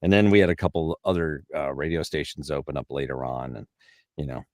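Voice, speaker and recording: A middle-aged voice actor in a casual interview, rambling through stories and laughing often, heard over a video call. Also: male voice, very deep voice, steady tone, fairly quick, no room sound, studio quality. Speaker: voice actor guest.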